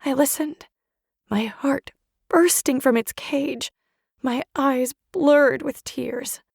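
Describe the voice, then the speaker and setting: A woman reads a first-person audiobook with dramatic, emotional delivery. Her voice sits somewhat high with a gravelly fry, her pace is slow and deliberate, and the recording is close and dry. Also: steady tone, dry recording. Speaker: audiobook narrator. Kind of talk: scripted narration.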